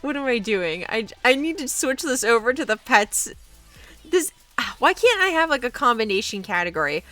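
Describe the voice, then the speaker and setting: A woman's voice: on the high side, very animated, moderate pace, pushed and bright, faint music behind. Giggly woman chatting to her dogs. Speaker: art streamer. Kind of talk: casual live-stream chat.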